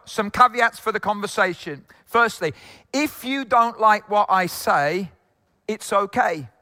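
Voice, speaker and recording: A man's voice: high-pitched, sharp tone, clean tone, big-room sound. A man from England preaching a conversational sermon with jokes and asides. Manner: conversational, jokey, many asides. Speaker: pastor.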